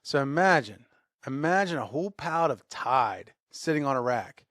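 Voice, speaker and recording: A man co-hosting a podcast, telling a workplace story in a lively way and acting out the shouting. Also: mid-range voice, moderate pace, no room sound, clean studio sound. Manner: animated storyteller, acts out shouted quotes. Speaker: podcast co-host. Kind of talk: casual storytelling.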